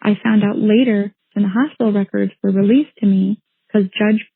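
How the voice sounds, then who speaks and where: Husky-voiced mother on a tinny line. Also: medium pitch, fairly even intonation, normal speed, dry recording. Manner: earnest, indignant, with frequent restarts. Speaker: mother recounting her son's case. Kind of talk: emotional personal account.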